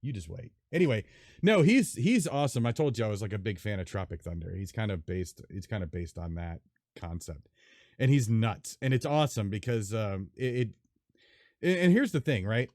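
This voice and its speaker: A man hosting a casual gaming podcast, rambling and animated with lots of fillers. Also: fairly low pitch, moderate pace, dry recording, studio quality. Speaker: podcast host. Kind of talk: casual chat.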